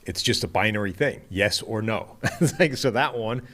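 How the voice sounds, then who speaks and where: Male co-host, very low voice, dry wit. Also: moderate pace, a bit bright. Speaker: podcast co-host. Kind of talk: casual sports podcast chat.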